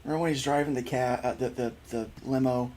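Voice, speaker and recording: A man's voice: medium pitch, fairly even intonation, quick pace, a little mellow. Man telling a rambling story. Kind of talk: casual chat.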